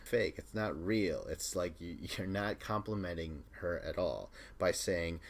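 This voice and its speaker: Low-voiced man recapping casually. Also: a little slow. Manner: chatty, laughs often, retells scenes in quotes. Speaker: podcast host.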